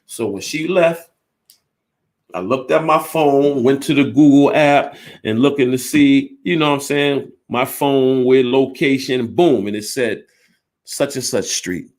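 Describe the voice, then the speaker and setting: A man in his fifties recounts his own life story with blunt candor, swearing freely and acting out both sides of an argument. He speaks unhurriedly in a medium-pitched, slightly mellow voice.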